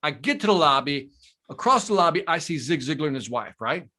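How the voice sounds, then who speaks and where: Man, podcast guest, enthusiastic storyteller, slightly high voice, forceful bright tone. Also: lively intonation, brisk. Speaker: podcast guest, sales trainer. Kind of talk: storytelling in casual conversation.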